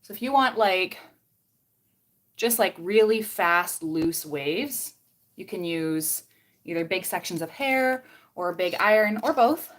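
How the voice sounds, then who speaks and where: A woman's voice: fairly low pitch, lively intonation, slow pace, a bit bright. Chatty Canadian woman doing her hair. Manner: chatty, rambling, reads comments aloud. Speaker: beauty vlogger. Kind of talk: casual livestream chat while styling hair.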